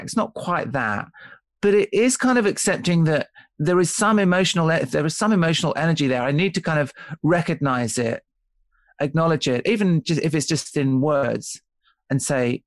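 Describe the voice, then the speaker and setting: A man's voice: fairly high pitch, lively intonation, brisk, no echo. A man being interviewed as an author on a podcast, explaining ideas thoughtfully with frequent restarts and checking in with "right?". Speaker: author and guest.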